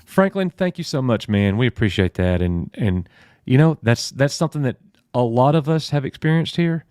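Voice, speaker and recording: A man's voice: medium pitch, lively intonation, normal speed, a little mellow, clean tone, no echo, studio quality. A man co-hosting a casual live stream, telling friendly stories and thanking viewers by name. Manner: friendly, storytelling, addresses chat by name. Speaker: co-host.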